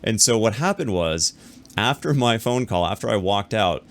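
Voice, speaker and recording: Talking quickly and informally to his audience, a deep-voiced man shares a business anecdote. He acts out the others involved, and his conversational delivery is dotted with repeats and restarts, like a YouTuber's animated retelling.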